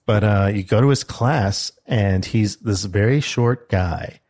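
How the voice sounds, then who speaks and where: A man's voice: fairly low pitch, slow. A young man in casual chat, telling a story about a seminar he went to. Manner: storytelling, quoting a loud instructor in his telling.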